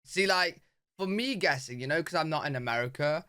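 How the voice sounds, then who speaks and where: Excitable British guy, lively voice. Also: fairly high pitch, brisk, clear, resonant tone, dry recording, studio quality. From Britain. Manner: chatty, excitable, says "bro" and "like" a lot. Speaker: reaction video host. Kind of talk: casual reaction commentary.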